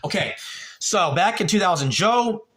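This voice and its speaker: Male streamer, forties, forceful bright voice, rambling and profane with his chat. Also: high voice, lively intonation, measured pace. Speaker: livestream host. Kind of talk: casual storytelling to chat.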